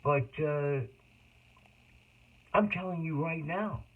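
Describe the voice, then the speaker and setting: Speaking slowly in a slightly high voice, a middle-aged man delivers a rambling autobiographical monologue that keeps jumping between tangents. The audio is tinny, like it came through a phone.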